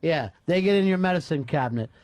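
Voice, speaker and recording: Male radio host, swears freely, joking banter, fairly high voice, dry close studio mic. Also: lively intonation, quick pace, darkish tone, no echo. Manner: wry, profane, joking. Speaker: radio talk show host. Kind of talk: casual radio chat, taking callers. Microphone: studio microphone.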